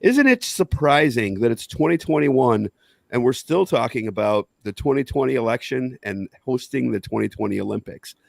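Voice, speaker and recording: A man's voice: medium pitch, animated, moderate pace, gravelly, no echo. A man hosting a casual podcast chat, jokey and riffing. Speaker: podcast host.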